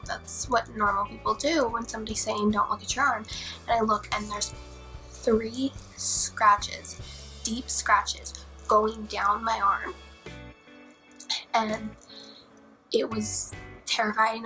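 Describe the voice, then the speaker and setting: A young woman vlogger telling a scary personal story in a dramatic, profane way, dropping to whispers and rising to near-shouts. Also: on the high side, flat delivery, a little slow, creaky, long pauses, soft background music, rough recording. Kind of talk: storytime vlog.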